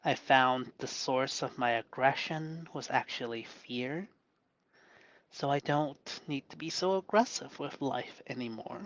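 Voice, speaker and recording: A self-coaching vlogger gives a reflective live monologue, speaking gently and softly in a deliberately lowered voice. He thinks aloud, pausing and restarting. The audio is poor but has no echo.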